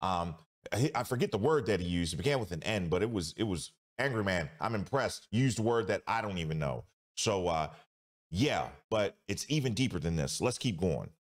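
A man hosts a reaction commentary, his voice sitting low but leaping up and down with emphasis. He talks emphatically and stretches out his exclamations. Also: animated, moderate pace. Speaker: host.

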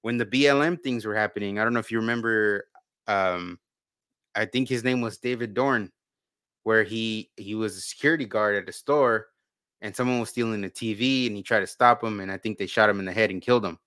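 A man with a bright, clear, smooth voice co-hosts a casual talk. He rambles, repeating and restarting his words. The sound is dry and close. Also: on the low side, fairly quick, no room sound. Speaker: podcast co-host. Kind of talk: casual conversation.

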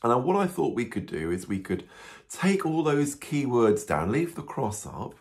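A priest telling a Bible story to children, animated and full of questions, with frequent ums. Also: male voice, mid-range voice, measured pace. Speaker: parish priest.

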